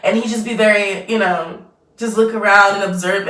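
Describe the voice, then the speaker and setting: Pushed and bright, this young woman's mid-range voice moves at normal speed as she chats while applying makeup. The twenty-something vlogger rambles and lets sentences trail off in her get-ready-with-me video, recorded with a distant mic and roomy echo.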